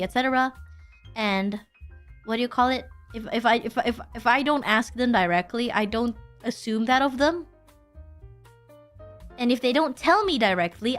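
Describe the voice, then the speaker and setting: A woman's voice: on the high side, fairly bright tone. A young woman streaming, chatting casually and rambling, with lots of restarts and self-deprecating asides. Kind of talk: casual livestream chat.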